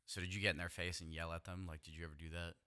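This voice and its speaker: A man's voice: low-pitched, level tone, rapid-fire, bright, forceful tone. A man chatting casually on a podcast, asking questions and filling talk with "like". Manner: casual, questioning, says "like" a lot. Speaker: podcast co-host.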